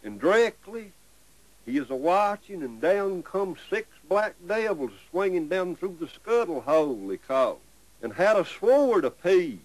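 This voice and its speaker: A man's voice: sits high, sing-song, unhurried, low-quality recording. An older man with a broad Appalachian accent telling a folk tale in an old-fashioned mountain storytelling way.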